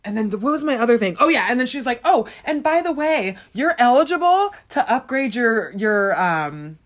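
Casual co-host, woman, slightly high voice, lively storyteller who acts out both sides of a call. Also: moderate pace. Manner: animated storyteller, acts out phone calls, laughs often. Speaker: podcast co-host.

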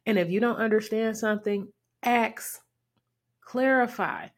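A woman hosting a podcast and giving relationship advice in a casual, lively, emphatic way, with pointed repetition and sudden rises in pitch. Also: a little slow.

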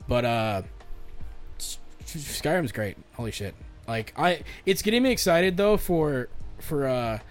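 A man's voice: a little high, measured pace, long pauses, soft background music. Young guy on a podcast, hyped and cursing a lot, talking games, lots of restarts. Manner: animated, swears a lot, rambling with restarts. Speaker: podcast co-host. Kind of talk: casual chat about games and movies.

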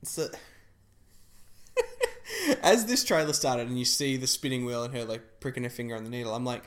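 A man's voice: mid-range voice, big pitch swings, normal speed, pauses often. A man chatting casually about film trailers, rambling with lots of fillers and restarts.

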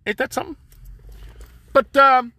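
A man's voice: very high voice, a little slow, sharp tone, no echo. A man hosting his own podcast, rambling and joking in loose slang straight to his listeners. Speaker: podcast host. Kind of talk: casual solo monologue.

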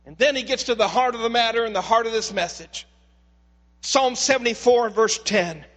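High, bright-voiced preaching man. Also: moderate pace. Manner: earnest, repeats words as he builds, direct appeals to listeners. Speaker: lead pastor. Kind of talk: impassioned sermon. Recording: long reverb of a large hall.

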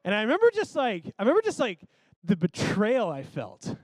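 A man preaching a sermon, telling a childhood story in an animated, conversational way with lots of "like.". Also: high voice, a little fast, no echo.

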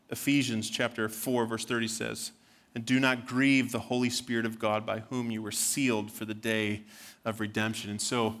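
Bright-voiced preaching pastor. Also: male voice, mid-range voice. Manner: earnest preaching, repeats words, rises to fervent pleading prayer. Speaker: senior pastor. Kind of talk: sermon.

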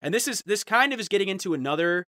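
A man's voice: high-pitched, lively intonation, racing, bright, forceful tone, dry recording, studio quality. A young man from Ohio hosting a podcast, ranting in mock outrage in a casual chat. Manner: ranting, mock-outraged, jumps into quoted voices. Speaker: podcast host.

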